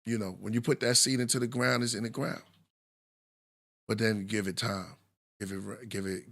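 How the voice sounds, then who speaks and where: A man's voice: fairly low pitch, creaky, a bit bright. A man hosting a live podcast with a New York accent, talking in a loose, reflective way with many fillers. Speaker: podcast host. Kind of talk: casual live podcast talk.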